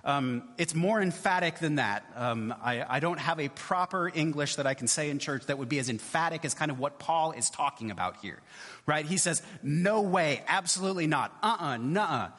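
Higher-voiced man preaching in a reverberant church. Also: animated, moderate pace, a bit bright. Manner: conversational, repeats "right?" often. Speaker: pastor. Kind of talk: sermon.

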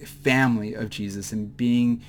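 A man giving a mid-week Bible teaching, halting with many fillers and restarts, at times choked up with emotion. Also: mid-range voice, fairly even intonation.

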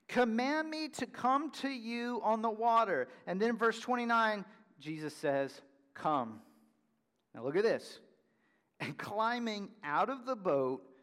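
A pastor with a high voice delivers an animated sermon, leaning hard on key words and then falling to a soft hush. His voice rings out with a long reverb, as if it fills a big church hall. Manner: animated preaching, dropping to a hushed whisper at times.

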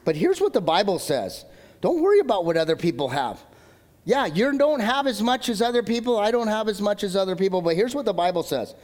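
Pastor guy in his 30s, chatty sermon, kinda high voice, big echoey hall. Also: sing-song, a little fast. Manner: conversational, jokey, shifts between loud emphatic and low asides. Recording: long hall reverb.

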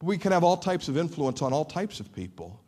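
A man preaching a sermon with animated emphasis and frequent repeated words. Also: a little high, brisk. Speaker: pastor.

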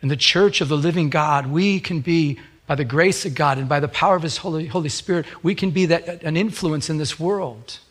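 A man's voice: a little high, fairly bright tone. A middle-aged man, a pastor, preaching a sermon with a fervent, repetitive cadence.

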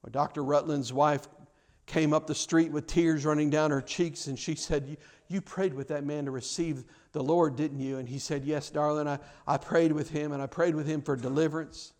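A man's voice: steady tone, moderate pace. Impassioned man preaching a sermon. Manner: impassioned, swells loud on key lines then drops low; stammers and repeats words. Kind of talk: sermon with retold story.

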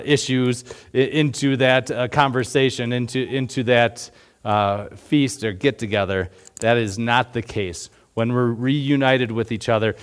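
Slow-talking man preaching casually. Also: medium pitch, smooth. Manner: conversational, rhetorical questions, many fillers. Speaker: pastor. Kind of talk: sermon.

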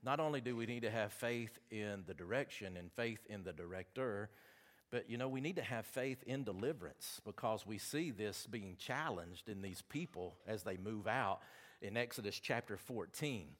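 Speaking at a normal pace in a lowish register, a Southern-accented man preaches a sermon, reading from scripture and tossing folksy, animated asides to his congregation.

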